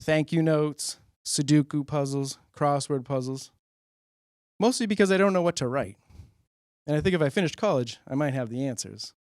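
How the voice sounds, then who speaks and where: A young man doing a stand-up comedy set, deadpan and rambling, acting out characters in quick voices. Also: on the high side, no room sound, studio quality.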